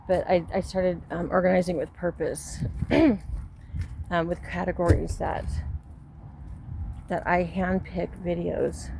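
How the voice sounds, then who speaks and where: A woman's voice: fairly low pitch, vocal fry, noisy background. A middle-aged woman with a Southern Californian accent, talking candidly and rambling while she walks her dog outdoors, recorded on a phone. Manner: candid, rambling, restarts often. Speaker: vlogger. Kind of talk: casual personal talk while walking a dog. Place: outdoors on a street. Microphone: phone held while walking.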